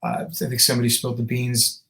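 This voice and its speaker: A man's voice: mid-range voice, monotone, fast talker, gravelly, pushed and bright, poor audio. A man, a musician and father, chatting as an interview guest, telling a story animatedly with fillers and restarts. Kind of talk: casual interview chat.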